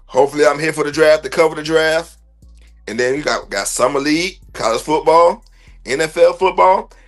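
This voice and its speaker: A man's voice: on the high side, brisk, faint music behind. A man hosting a sports podcast livestream, ranting bluntly and profanely in heavy slang. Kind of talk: heated livestream sports rant.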